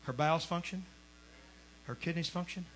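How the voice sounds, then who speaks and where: A man preaching a Pentecostal sermon as a guest preacher, telling a testimony, swinging from hushed storytelling to shouting. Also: on the high side, normal speed, a little hiss or hum. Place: church sanctuary.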